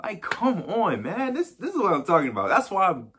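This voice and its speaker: Husky hyped-up man reacting. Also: high voice, fairly quick. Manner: excited, repeats phrases, slangy. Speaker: music reaction host. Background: faint hip hop track playing.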